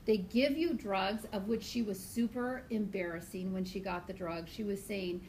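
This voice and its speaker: A woman biology teacher lecturing her class in a chatty, animated way, mixing lessons with personal stories. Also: medium pitch, normal speed, a little hiss or hum. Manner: chatty, animated storytelling, talks to students directly. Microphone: iPad screencast recording.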